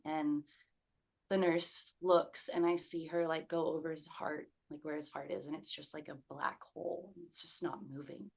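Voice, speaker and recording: A woman's voice: on the low side, steady tone, normal speed. A young woman who is a podcast guest, telling a personal story in a conversational way, full of "like" fillers and acting out what people said. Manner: conversational, many "like" fillers, acts out quoted speech.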